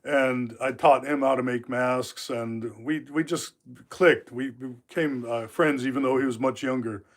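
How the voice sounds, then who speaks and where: A man's voice: medium pitch, fairly even intonation, measured pace. Rambling middle-aged man telling stories. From Alaska. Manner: rambling, with frequent filler words. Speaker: livestream host. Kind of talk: casual storytelling. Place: knife workshop.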